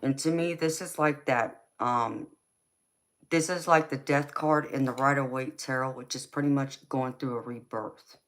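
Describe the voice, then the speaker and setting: A woman's voice: extremely low pitch, steady tone, unhurried. A woman with a Southern US accent, a tarot reader chatting through a live reading, reassuring and loose, with lots of "you know". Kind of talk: live-stream tarot reading, answering chat.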